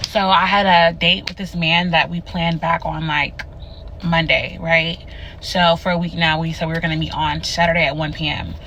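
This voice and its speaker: A woman's voice: low-pitched, little pitch movement, moderate pace, bright, forceful tone, slight background noise, low-quality recording. A young woman talking casually to camera, candid and self-mocking about a date gone wrong. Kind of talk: casual vlog rant.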